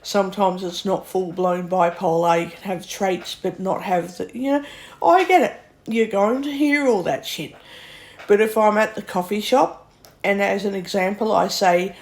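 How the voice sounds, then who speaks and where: A woman's voice: mid-range voice, moderate pace. A woman, ranting bluntly to camera in a vlog, swearing often and sounding exasperated. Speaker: vlogger.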